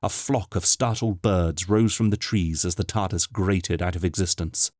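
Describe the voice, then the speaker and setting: A man narrating an unabridged audiobook in a steady, measured reading voice. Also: sits low, no echo, studio quality. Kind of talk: scripted narration.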